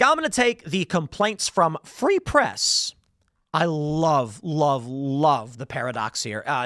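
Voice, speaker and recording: Male commentary host, sarcastic and animated, lively pitch, dry close mic. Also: no room sound. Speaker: show host. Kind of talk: political commentary monologue.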